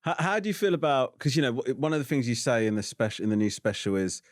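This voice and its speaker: English host in his forties, halting questions. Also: mid-range voice, dry recording, clean studio sound. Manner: hesitant, restarts questions often. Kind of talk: casual interview.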